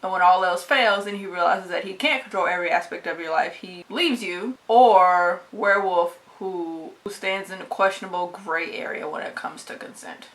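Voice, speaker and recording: A woman's voice: fairly low pitch, moderate pace, few pauses, fairly bright tone. A woman book vlogger talking casually and bluntly, swearing freely and laughing often. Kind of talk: casual book tag vlog.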